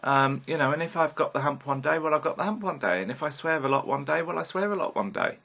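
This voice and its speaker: This vlogger, a Brit in his fifties, speaks quickly in a highish voice marked by vocal fry and a bright, forceful tone. He's delivering a frank, meandering monologue for his personal vlog and drops casual swear words throughout.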